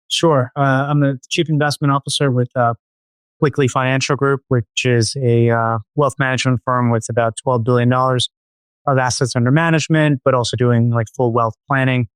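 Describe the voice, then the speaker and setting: A man's voice: mid-range voice, flat delivery, clear, resonant tone, no echo. Guy explaining bonds on a podcast, lots of um and uh, dry sarcastic bits, no room sound. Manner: halting, many fillers and restarts, dry sarcasm. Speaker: chief investment officer, podcast guest. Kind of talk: casual interview talk.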